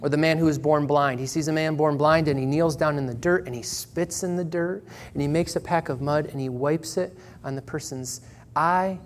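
A man preaching a sermon in church, earnest and measured, slowing down and pausing for emphasis. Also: on the high side, steady tone, slight background noise. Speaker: pastor.

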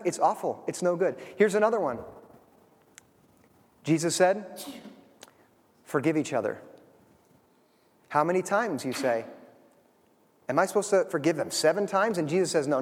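A man preaching a sermon to his congregation in a church, emphatic and full of rhetorical questions. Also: high-pitched. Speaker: pastor. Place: church sanctuary. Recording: long hall reverb.

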